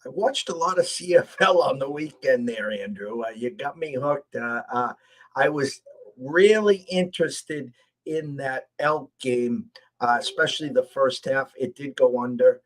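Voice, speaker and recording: A man hosting a sports betting show, opening with big, loud bursts of enthusiasm before settling into casual chat. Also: medium pitch, a little slow, rough recording. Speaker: host. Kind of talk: sports betting podcast host.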